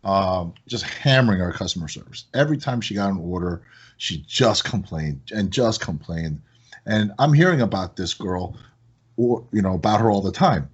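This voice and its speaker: A man's voice: moderate pace, slightly rough, lo-fi sound. A man talking casually as a guest on a podcast, telling stories with a lot of energy. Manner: animated storyteller, rising high when excited. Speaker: podcast guest, product company owner.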